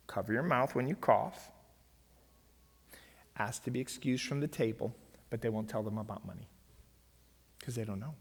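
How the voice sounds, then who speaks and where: A middle-aged man giving a church finance seminar in an emphatic way, often checking in with his audience. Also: medium pitch. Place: church hall. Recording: long reverb of a church hall.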